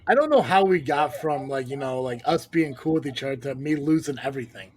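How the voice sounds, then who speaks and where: A man's voice: medium pitch, lively intonation, fairly quick, darkish tone. A young man hosting a casual podcast chat, laid-back, muttering asides under his breath. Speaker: podcast host and wrestling promoter.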